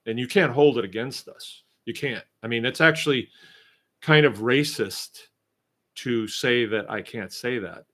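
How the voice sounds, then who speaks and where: Middle-aged male homestead host, mid-pitched voice, animated and sarcastic livestream chatter. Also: a little slow. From Shrewsbury, Massachusetts. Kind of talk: casual livestream chat reading viewer comments.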